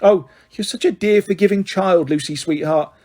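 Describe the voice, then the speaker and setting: A man's voice: high voice, normal speed, darkish tone, pitched above the performer's own voice. Man doing a bossy, motherly housewife. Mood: proud. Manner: fussing, stern and proud.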